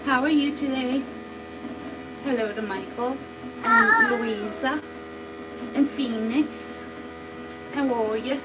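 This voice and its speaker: Slow-talking woman bathing a cat. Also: high voice, expressive, loud music behind the voice, low-quality recording. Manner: chatty, sing-song, talks to the cat. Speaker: cat groomer. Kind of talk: casual talk while bathing a cat. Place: grooming salon bath area, indoors.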